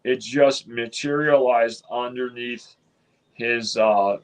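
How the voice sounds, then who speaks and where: A man tells a long story in a casual interview. He rambles and restarts, quoting others in his own voice at a middle pitch. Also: steady tone, slow pace, rough recording. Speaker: interview guest.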